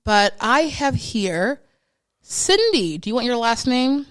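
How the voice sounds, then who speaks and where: A woman's voice: fairly high pitch, very animated, takes it slowly, a bit bright. A woman hosting a podcast in a studio, chatting casually with playful, dramatic hype and slang. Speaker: podcast host. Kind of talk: casual chat.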